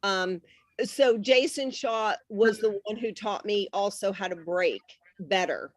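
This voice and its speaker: A woman's voice: medium pitch, unhurried, no room sound. A woman panelist chatting and telling stories with easy laughter. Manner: chatty storyteller, laughs easily. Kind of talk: panel discussion.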